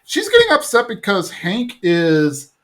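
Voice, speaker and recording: A man's voice: sits high, huge pitch swings, measured pace, fairly bright tone. Man casually recapping a cartoon episode. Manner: chatty retelling full of fillers. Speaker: podcast host.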